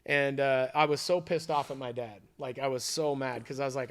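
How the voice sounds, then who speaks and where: A man co-hosting a podcast, telling a long story in a casual, animated way with plenty of swearing. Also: mid-range voice, brisk, a little hiss or hum. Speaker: podcast co-host.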